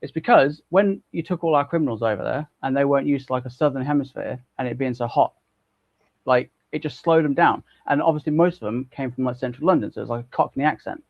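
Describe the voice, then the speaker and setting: Man, co-host, casual and jokey, swears, raspy edge, muffled recording. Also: mid-range voice, quick pace, no room sound. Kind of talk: casual live-stream chat.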